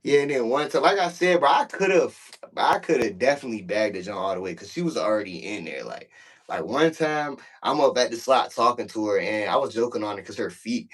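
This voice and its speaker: A man's voice: medium pitch, lively intonation, brisk, fairly bright tone. A man telling a prison story in casual, profane talk, acting out the voices in the quotes.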